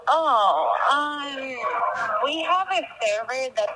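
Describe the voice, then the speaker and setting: A woman's fairly high voice comes through a loud, hissy phone line. She answers as a restaurant hostess, polite and formal, and keeps asking the caller to repeat things. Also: lively intonation, very slow. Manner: polite, puzzled, asks for repeats. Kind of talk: phone call.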